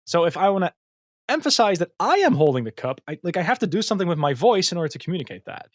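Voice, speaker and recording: Dry, higher-voiced man explaining, many fillers. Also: sing-song, fast talker, no echo. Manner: hesitant, many fillers and restarts; thoughtful explaining tone. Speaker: guest, machine learning engineer. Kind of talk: casual podcast conversation.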